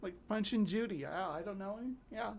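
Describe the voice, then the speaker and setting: Hosting a casual livestream, a woman speaks at a moderate pace in a mid-range voice that is gravelly and darkish. She rambles and chats, reading things aloud with fillers and restarts while responding to viewers.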